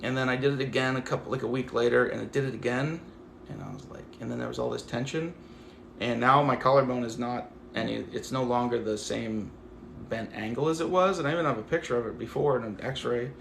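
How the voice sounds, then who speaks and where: Gravelly man chatting on a livestream. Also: medium pitch, brisk, roomy sound, slight background noise. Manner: animated, rambling, affectionate, full of "like". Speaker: livestream host. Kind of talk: casual livestream chat to viewers.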